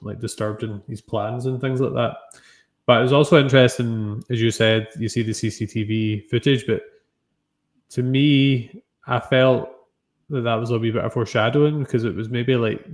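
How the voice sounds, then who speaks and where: A man co-hosting a chat about a TV episode, offering careful, hedged readings. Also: lowish voice. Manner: measured, analytical, hedging. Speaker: podcast co-host reviewing TV. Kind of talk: casual chat.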